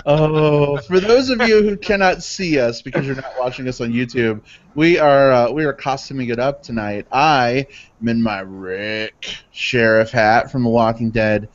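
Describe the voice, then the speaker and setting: A man's voice: mid-range voice, unhurried. A man hosting a live podcast, chatty and upbeat, filling gaps with little fillers. His voice sits mid-range. The audio is dull and lo-fi. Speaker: podcast host.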